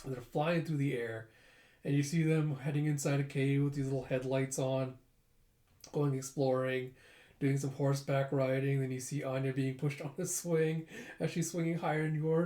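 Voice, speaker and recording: A man's voice: medium pitch, fairly even intonation, normal speed, mellow, reverberant. A man casually recapping a comic chapter in a rambling, chatty way with many fillers. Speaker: comic reader and reviewer. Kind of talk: casual comic read-through.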